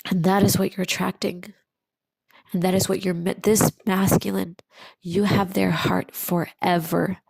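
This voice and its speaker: A woman giving a channeled tarot reading to her viewers, speaking slowly and soothingly and repeating phrases for emphasis. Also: mid-range voice, level tone, creaky, a little mellow, breathy edge, dry recording, rough recording. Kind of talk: channeled pick-a-card reading to camera.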